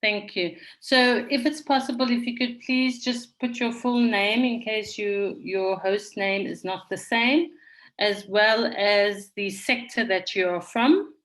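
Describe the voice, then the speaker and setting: Measured woman facilitating an online conference. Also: medium pitch, a bit bright, low-quality recording. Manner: measured, orderly, reads names from the chat. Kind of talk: moderating an online conference session. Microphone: video call.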